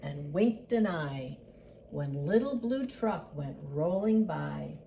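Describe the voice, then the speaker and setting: An older woman reads a picture book aloud as a grandmother would, voicing the animal sounds as she goes. Her voice is mellow and soft, and her pitch rises and falls in a lively, sing-song way. The pace is slow and unhurried. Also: creaky, a little hiss or hum.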